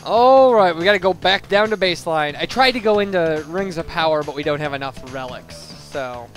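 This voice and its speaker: A man's voice: a little high, normal speed. A young man giving casual, rambling let's play commentary, chatty and self-deprecating with lots of fillers. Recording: game music playing behind.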